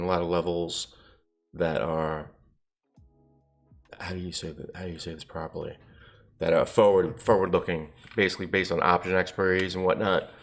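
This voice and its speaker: A man's voice: low voice, gravelly. A man streaming his day trading live, talking casually to viewers and muttering to himself as he reads the charts. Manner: rambling, self-talking, mutters at the screen.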